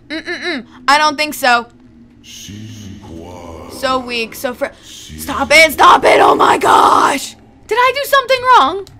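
A young woman playing through a video game, reacting out loud with excitement, emotion and pleading. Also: sits high, slow. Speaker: let's play gamer. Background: faint game music.

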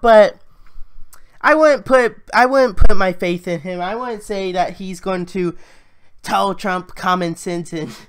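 A woman in a solo vlog, ranting about the economy in a heated, frustrated way with plenty of swearing. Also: on the low side. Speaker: vlogger. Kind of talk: solo political rant.

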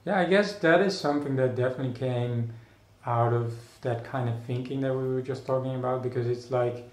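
A man's voice: mid-range voice, a little mellow. Man musing in an echoey room. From Netherlands. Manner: thoughtful, halting, many restarts and fillers. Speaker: artist guest. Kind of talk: casual interview conversation.

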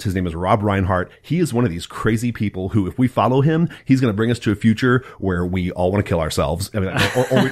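A man hosting a casual podcast chat, gushing with excitable, profane enthusiasm. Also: fairly low pitch. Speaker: podcast host.

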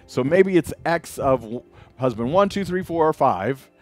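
A man's voice: fairly high pitch, animated, measured pace, a little mellow, faint music behind. A man, a pastor, preaching a casual sermon, retelling scripture in everyday words with voiced asides.

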